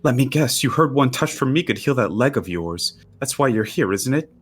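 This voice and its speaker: A man's voice: medium pitch, expressive, a little slow, slightly rough, voice pushed up. A man voicing a guarded, resentful young half-celestial woman in a tabletop game, speaking with sarcastic bite. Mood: bitter.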